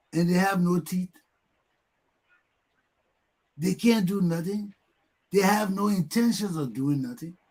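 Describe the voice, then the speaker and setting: High-pitched Liberian man ranting. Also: breathy edge. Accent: Liberian English. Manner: mocks people by mimicking their repeated yelling. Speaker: talk show host. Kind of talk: heated talk show commentary.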